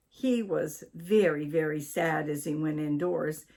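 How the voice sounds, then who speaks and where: An older woman from Maine reading a children's story aloud in a slow, deliberate way. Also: low-pitched, darkish tone. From Maine, USA.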